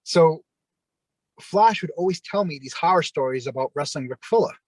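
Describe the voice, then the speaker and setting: A former wrestler as an interview guest, telling long rambling anecdotes with lots of fillers and acted-out quotes. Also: male voice, a little high, animated, normal speed, a little mellow, no echo, rough recording. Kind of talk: casual storytelling.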